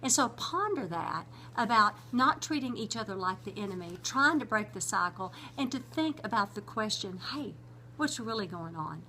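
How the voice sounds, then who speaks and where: A woman's voice: medium pitch, expressive, moderate pace, few pauses, sharp tone, a little hiss or hum. A middle-aged woman, hosting her own vlog and talking about relationships in an earnest, conversational, teaching way. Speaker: host. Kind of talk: casual vlog talk on relationships.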